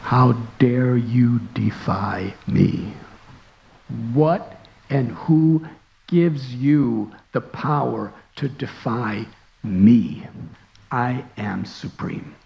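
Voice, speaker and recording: Brief: man putting on a mighty demon king in a low, gravelly, threatening hush, slow and cold. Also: dull audio. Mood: menacing. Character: furious demon king father, mighty and raging.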